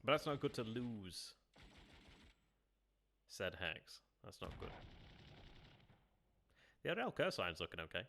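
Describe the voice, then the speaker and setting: Playing a strategy game on stream, a man speaks slowly in a fairly low, gravelly voice that is very animated, pushed, and bright, with long pauses. He thinks aloud, muttering, questioning himself and repeating phrases, and occasionally addresses viewers between moves.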